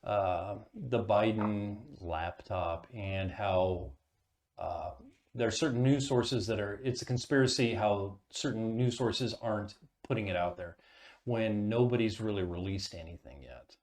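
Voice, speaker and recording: A man's voice: fairly low pitch, a little slow, darkish tone. A man hosting a casual podcast chat, talking loosely with lots of swearing, stammered restarts and laughter. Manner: stammering, profane, laughs often. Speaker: podcast host.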